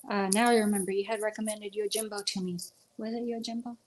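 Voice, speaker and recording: A woman's voice: mid-range voice, level tone, fairly quick. Rambling woman chatting on a livestream. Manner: chatty, rambling, many ums. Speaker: livestream host. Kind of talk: casual livestream chat. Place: at home with pets.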